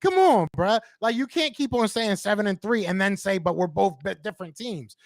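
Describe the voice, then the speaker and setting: Man, high voice, dry close mic; fired-up podcast co-host who argues hard and keeps repeating his point. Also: lively intonation, moderate pace, dry recording. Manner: argumentative, talks over his opponent, repeats himself. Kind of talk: heated sports debate.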